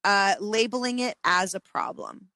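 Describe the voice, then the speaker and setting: A woman co-hosting a podcast in casual chat, self-deprecating and quick to laugh. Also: medium pitch, pushed and bright, slight background noise. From from an Irish Catholic family. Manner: self-deprecating, laughs often, chatty with fillers.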